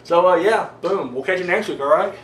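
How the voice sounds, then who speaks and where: Man, casual rambling movie review, fairly high voice, roomy echo, mic a bit distant. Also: a little fast, a bit bright, a little hiss or hum. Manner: rambling, swears freely, many fillers. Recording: echoey room, voice a bit far from the mic.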